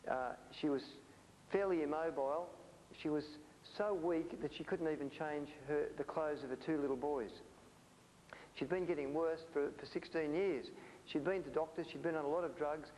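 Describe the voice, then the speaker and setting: A man's voice: a little high, fairly even intonation, normal speed, a little mellow. A man giving a natural health lecture, telling patient stories with many fillers and restarts. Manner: anecdotal storytelling with frequent fillers and restarts. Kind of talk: recorded health presentation. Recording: hissy reverberant hall.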